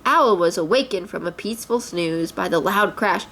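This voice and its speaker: A woman's voice: fairly low pitch, lively intonation, normal speed, bright, forceful tone. A woman reading a children's story aloud expressively, a mother voicing the characters.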